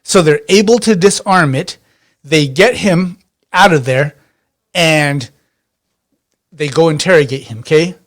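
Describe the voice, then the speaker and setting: A man runs a tabletop role-playing session as game master. His voice sits a bit high, and he rambles along with plenty of restarts and fillers. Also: measured pace, pauses often, fairly bright tone.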